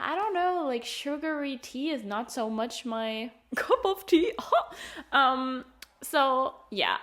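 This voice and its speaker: A woman's voice: on the high side, a bit bright. A young woman travel vlogger chatting casually, laughing often and acting out little quotes as she tells her stories. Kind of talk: casual chat.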